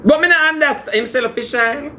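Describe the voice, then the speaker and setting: A man playing a brash, demanding Jamaican woman in a comedy skit, talking in loud patois banter that moves between scolding and wheedling. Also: very high-pitched, brisk, background noise.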